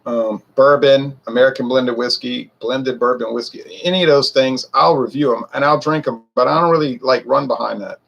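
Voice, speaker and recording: Gravelly husky man rambling to viewers. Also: medium pitch, steady tone, normal speed, few pauses, fairly bright tone, highs cut off. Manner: rambling, defensive, talks straight to viewers. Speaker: whiskey reviewer. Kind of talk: casual talk to camera.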